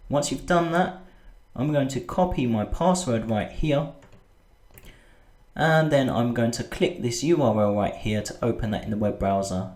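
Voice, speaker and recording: Man explaining software steps patiently. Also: medium pitch, roomy sound. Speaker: web design tutor. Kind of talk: screen-recorded software tutorial.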